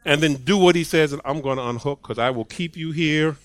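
A man preaching a sermon on a clip-on mic, emphatic and repetitive, swinging from soft asides to loud declarations. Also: fairly high pitch, a little fast, dry recording. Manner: emphatic, punches points with "period" and repeats lines.

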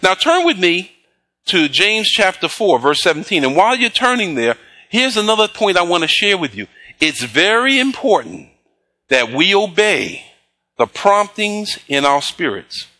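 A man preaching a sermon, reading scripture slowly and pausing to prompt the congregation with call-and-response questions. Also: sits high, very animated, sharp tone. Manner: slow emphatic scripture reading. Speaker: pastor.

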